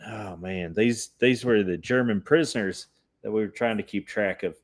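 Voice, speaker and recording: A man's voice: fairly low pitch, normal speed, close to an everyday voice. A man doing a folksy country sheriff. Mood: puzzled. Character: easygoing rural male sheriff, gentle and folksy.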